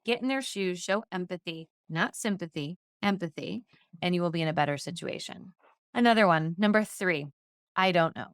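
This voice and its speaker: A woman's voice: on the low side, normal speed, no room sound, studio quality. A woman hosting a podcast on customer-service training, talking in an upbeat, chatty way. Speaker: insurance agency trainer and podcast host.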